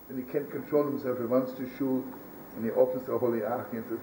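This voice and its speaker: Weak-voiced rabbi telling stories loosely. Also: male voice, mid-range voice, steady tone, warm tone. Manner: loose, halting storytelling with Yiddish words. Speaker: rabbi and storyteller. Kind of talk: storytelling sermon. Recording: roomy archival recording from a distance, faint hiss.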